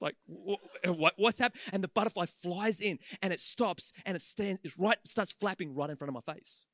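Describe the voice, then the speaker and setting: A man around forty preaching a sermon in a large auditorium, an animated storyteller who throws quick humorous asides to his audience. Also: very high voice, dry recording, studio quality. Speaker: pastor.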